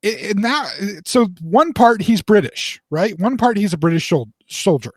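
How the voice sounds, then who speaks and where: A man in his forties, a podcast co-host, telling a rambling, animated story in casual chat. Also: sits high, a little slow, no echo, clean studio sound. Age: 40s.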